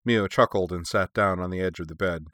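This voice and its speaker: A man narrating a story in an even, measured reading. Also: low voice, no echo, studio quality. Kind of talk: audiobook narration.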